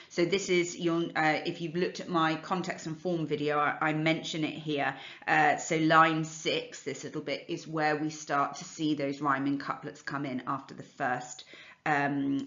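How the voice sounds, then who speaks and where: A woman's voice: sits low, a bit bright, echoey room, lo-fi sound. A woman teacher walking students through a revision lesson in a chatty, explanatory way, with frequent fillers and restarts. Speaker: English literature teacher.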